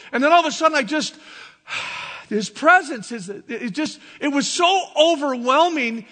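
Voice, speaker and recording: Halting emotional preacher, high bright voice. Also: male voice, expressive, big-room sound. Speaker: pastor. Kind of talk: sermon testimony.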